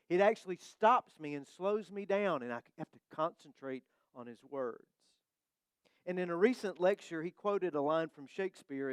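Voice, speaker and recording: A man preaches to his congregation in a smooth, resonant voice that sits a little high for a man. He talks like a conversation, with light humor, and draws out key phrases slowly for weight. The sound is close and dry. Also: dry recording. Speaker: pastor. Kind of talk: sermon. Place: church sanctuary.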